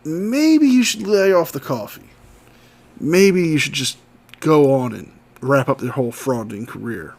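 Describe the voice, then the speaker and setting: A man's voice: fairly high pitch, animated, measured pace, gravelly, darkish tone, a little hiss or hum. A man giving scornful, sarcastic commentary over video clips. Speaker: commentary host.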